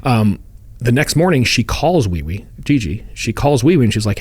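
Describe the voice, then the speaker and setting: A man's voice: mid-range voice, animated, normal speed, darkish tone, breathy edge, no echo. A man co-hosting a true-crime podcast, retelling a case in a casual, joking way and slipping into voices for the people involved. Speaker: podcast co-host.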